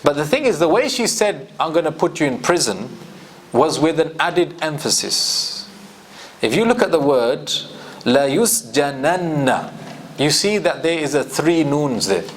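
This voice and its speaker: A man's voice: on the high side, big pitch swings, normal speed, slight background noise. A man teaching a Quran commentary class, explaining and asking his students questions. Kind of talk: classroom tafsir lecture.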